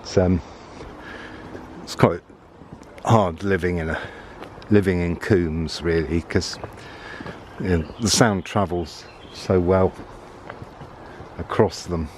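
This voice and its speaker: A man's voice: sits low, fairly even intonation, slow pace, long pauses, a little mellow, a little hiss or hum. A man chatting casually while walking through summer woods with a handheld camera. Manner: rambling, chatty, thinking aloud. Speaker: vlogger on a woods walk. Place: outdoors in summer woodland. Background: birdsong and faint outdoor ambience.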